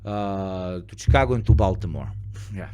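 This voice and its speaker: A man from Europe, hosting a casual chat and telling stories in an animated, profane way. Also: deep voice, moderate pace, clean tone. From Eastern Europe. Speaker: stream host.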